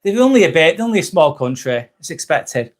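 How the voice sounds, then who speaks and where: Middle-aged English male streamer, a bit high-pitched, casual and candid, reads chat aloud. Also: sing-song, fairly quick. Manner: candid, rambling, reads viewer comments aloud. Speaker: live-stream host.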